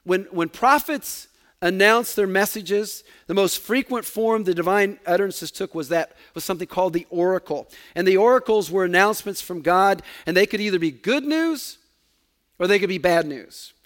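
A man's voice: sits high, lively intonation, moderate pace, fairly bright tone. A man preaching a sermon, repeating words for emphasis and letting his voice sink at the ends of phrases.

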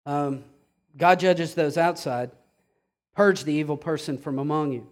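Man preaching, high voice, fiery, drops to a hush then builds back up. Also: a little slow. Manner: impassioned, swings from hushed to loud. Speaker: pastor. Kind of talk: sermon.

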